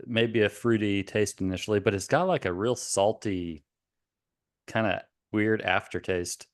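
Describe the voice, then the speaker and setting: A man with a fairly low voice, co-hosting a relaxed podcast. He rambles and hesitates, circling back on his words as he thinks out loud. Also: measured pace. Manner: rambling, hesitant, lots of fillers and restarts. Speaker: podcast co-host. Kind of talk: casual chat.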